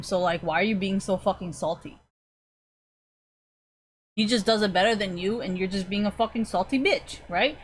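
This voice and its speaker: A woman's voice: medium pitch, a little hiss or hum. A woman streamer chatting casually with viewers, rambling and swearing often, with lots of fillers. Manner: rambling, profane, frequent fillers. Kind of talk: casual chat.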